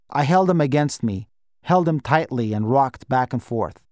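A man reading a novel aloud in first person, quiet and measured. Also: medium pitch, expressive, no room sound, clean studio sound. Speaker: audiobook narrator.

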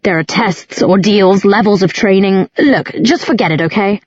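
A woman's voice: medium pitch, moderate pace, a little mellow, slightly rough, dry recording, highs cut off, natural voice. A woman voicing an arrogant teenage boy warrior who talks in a haughty, curt, disdainful way.

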